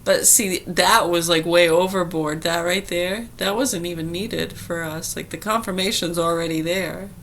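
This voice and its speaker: A woman's voice: fairly low pitch, normal speed, few pauses, slight background noise. A woman vlogging casually, telling a story in a chatty way with frequent laughter. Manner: chatty, laughing, animated retelling.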